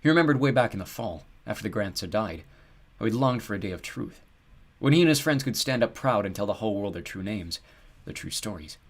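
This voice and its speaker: A man narrating an audiobook in a steady, measured storytelling voice. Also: on the low side.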